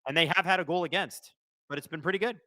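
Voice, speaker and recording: High, bright-voiced hockey streamer. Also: male voice, no echo, studio quality. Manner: excitable, shouts and swears at the referees; fast play-by-play calling. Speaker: live stream host watching a hockey game. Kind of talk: live watch-along commentary.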